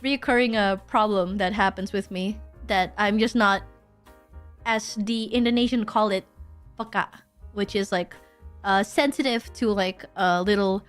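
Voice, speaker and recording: A woman's voice: medium pitch, steady tone, a little slow, soft background music. A young woman streaming, chatting casually and rambling, with lots of restarts and self-deprecating asides. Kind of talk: casual livestream chat.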